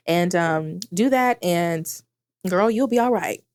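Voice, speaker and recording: A woman's voice: on the low side, slow, darkish tone. A woman co-hosting a podcast, chatting casually in slang and laughing often. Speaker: podcast co-host.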